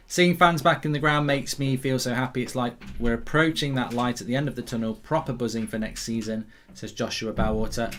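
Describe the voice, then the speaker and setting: A man hosting a live football watchalong, reacting excitably to the play and reading out viewer comments. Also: medium pitch, a little fast. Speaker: host.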